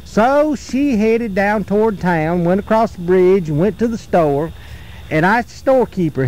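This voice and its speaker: A man telling a repetitive folk tale around a campfire outdoors, in a folksy, drawn-out way. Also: high voice, lively intonation, darkish tone, poor audio. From North Carolina. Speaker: storyteller.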